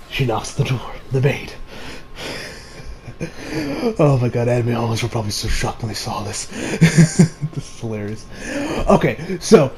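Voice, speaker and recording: A man's voice: on the high side, darkish tone. A young man reviewing an anime episode in a casual, rambling way, with many fillers and frequent laughter.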